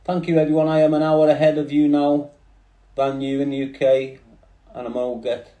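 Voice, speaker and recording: A man's voice: fairly high pitch, flat delivery, moderate pace, warm tone. A man with a Liverpool accent hosting a casual livestream, rambling in street slang and talking straight to his viewers through a phone. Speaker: livestream host. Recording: echoey room.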